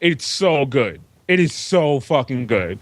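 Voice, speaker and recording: A man's voice: medium pitch, very animated, takes it slowly, dry recording. A man co-hosting a music podcast, chatting casually and enthusiastically, swearing freely. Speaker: podcast co-host. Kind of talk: casual chat about music.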